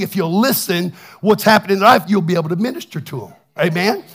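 A man's voice: high-pitched, lively intonation, quick pace, gravelly, hardly any pauses, a bit bright, breathy edge. A man preaching a plainspoken, folksy testimony sermon, often repeating words as he restarts. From Texas. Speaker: pastor.

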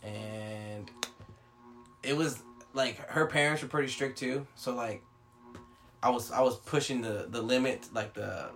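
A young man, telling a story in casual chat, animated and swearing a lot. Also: mid-range voice, unhurried, pauses often, soft background music.

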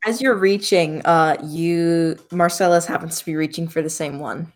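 A woman narrating as game master of a tabletop role-playing game, relaxed and loose with fillers. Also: deep voice, moderate pace.

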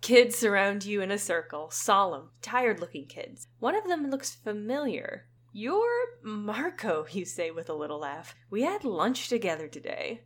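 A woman's voice: mid-range voice, sing-song, normal speed, few pauses. Woman reading aloud with wry asides. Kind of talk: comic book reading.

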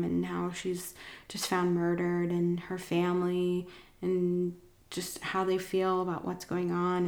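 A woman's voice: lowish voice, darkish tone. A woman hosting a casual podcast, chatting enthusiastically and rambling a bit about TV shows. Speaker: podcast host. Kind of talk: casual chat, reviewing TV shows. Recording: roomy echoey room.

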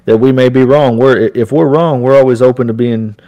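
A man's voice: medium pitch, fairly even intonation, mellow, muffled recording. A man with a Texan accent co-hosting a podcast, talking casually with frequent restarts and a joking tone. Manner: halting, many restarts, joking. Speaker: podcast co-host.

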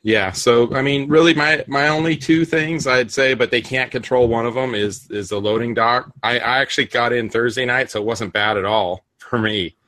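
A man's voice: medium pitch, fairly even intonation, normal speed, hardly any pauses, pushed and bright, no room sound. A man hosting a casual podcast chat, rambling with frequent restarts and fillers. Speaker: podcast host.

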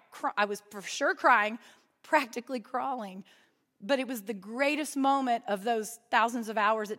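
A woman's voice: fairly high pitch, a bit bright. A young woman giving a conversational, humorous sermon to a live audience, often putting questions to them. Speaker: women's ministry speaker. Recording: long hall reverb.

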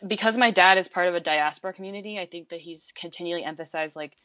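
A woman in her twenties, a podcast guest talking casually, chatty and quick to laugh, with lots of fillers. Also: fairly low pitch, a bit bright, no echo. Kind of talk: casual conversation.

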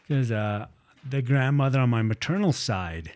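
A man's voice: mid-range voice, animated, normal speed, darkish tone. A man talking casually and candidly, telling a personal story with some swearing. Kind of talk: casual podcast chat.

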